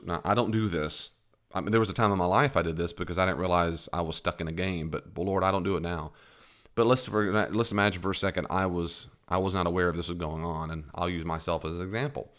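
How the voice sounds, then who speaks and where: A middle-aged man giving a casual talk about psychology, animated, laughing at his own jokes and acting out quotes in a higher voice. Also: brisk. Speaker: psychology teacher.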